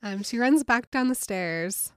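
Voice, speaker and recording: A woman's voice: fairly high pitch, expressive, a little slow, smooth, dry recording, studio quality. A woman co-hosting a casual podcast, retelling a book's scenes and acting out the quotes. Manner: storytelling, acts out quotes with little voices. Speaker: podcast co-host recapping a book.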